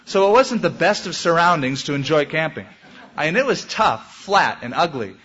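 A man preaching a sermon as pastor, with animated delivery and dramatic swings in pitch. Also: normal speed, lo-fi sound.

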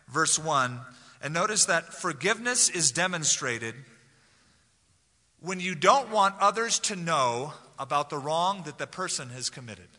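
Bright-voiced pastor in a reverberant hall. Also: male voice, a little high. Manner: conversational, acts out voices of Bible characters. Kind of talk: expository sermon. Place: church sanctuary.

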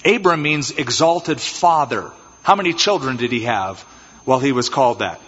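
A man preaching an expository sermon as pastor, animated and acting out little scenes in changed voices. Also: medium pitch, normal speed, slightly rough. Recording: dull, reverberant church hall sound.

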